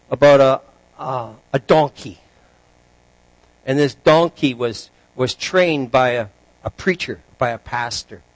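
A man preaching as a pastor, telling a joke story in a relaxed, chatty way with asides to the congregation. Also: mid-range voice, no echo, poor audio.

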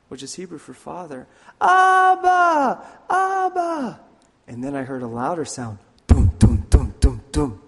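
A man preaching a sermon in an earnest way, slipping into lively voices when he tells a story. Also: medium pitch, gravelly. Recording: long hall reverb.

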